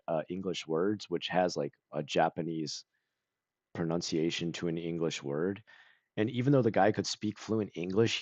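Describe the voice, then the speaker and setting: A man chatting casually on a stream, rambling with lots of "like" and clearing his throat and coughing now and then. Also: deep voice, a little mellow, no room sound. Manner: rambling, full of "like" and self-corrections.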